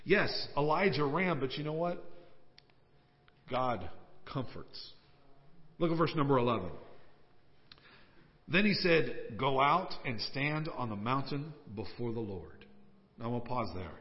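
A pastor delivering a conversational, emphatic sermon in a church. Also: male voice, medium pitch, expressive, a little slow, long pauses. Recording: reverberant hall, dull lo-fi sound.

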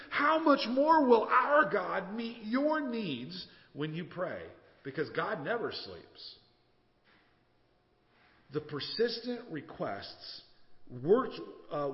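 A man preaching a sermon as a pastor, telling a story and acting out the voices in it with lively swings in loudness. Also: high-pitched. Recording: dull sound with long reverb.

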